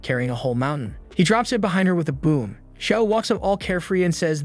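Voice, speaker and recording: A man's voice: a little high, expressive, fairly quick, hardly any pauses, faint music behind. A man narrating a comic recap in a casual, wisecracking storytelling manner.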